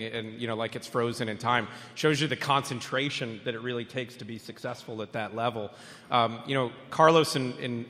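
A man's voice: mid-range voice, a bit bright. A man moderating a live panel, asking questions with many restarts and repeated words. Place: event hall with a crowd. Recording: long hall reverb.

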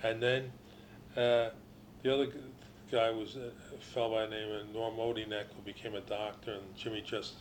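A man's voice: fairly low pitch, slight background noise. An older man, a former ballplayer, telling long anecdotes in a casual interview, with restarts and quoted voices.

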